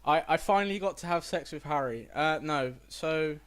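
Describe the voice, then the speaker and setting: A young man co-hosting a casual podcast, telling animated stories and swearing freely. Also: fairly high pitch, moderate pace, smooth. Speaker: podcast co-host. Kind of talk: casual chat.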